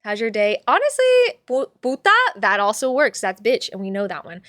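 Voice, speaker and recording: A woman's voice: medium pitch, big pitch swings, normal speed, a bit bright, no echo, clean studio sound. A woman hosting a livestream, chatting casually with viewers in a playful, rambling way and laughing often. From father from Puerto Rico. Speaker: livestream host reading chat.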